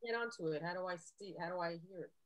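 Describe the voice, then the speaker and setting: A woman's voice: fairly low pitch, quick pace, rough recording. A woman co-hosting a chat show, asking a guest friendly questions and often trailing off mid-sentence. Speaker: co-host. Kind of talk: casual interview chat.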